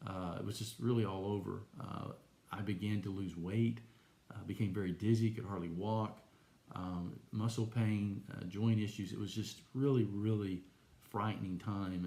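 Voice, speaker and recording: A man giving an earnest, gentle personal faith testimony to viewers. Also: lowish voice, roomy sound. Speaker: Christian teacher.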